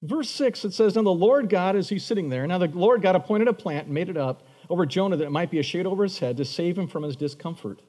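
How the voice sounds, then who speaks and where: A male pastor delivers a sermon with a somewhat high voice. He brings the story to life by acting out its characters. His voice rings out with the long reverb of a large hall. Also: fast, hardly any pauses. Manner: animated, acts out voices of Bible figures.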